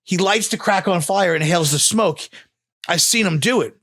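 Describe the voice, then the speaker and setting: A man's voice: sits high, moderate pace, fairly bright tone, dry recording, studio quality. A young adult man, a tattoo artist and podcast guest, telling a story in casual chat and acting out other people's voices.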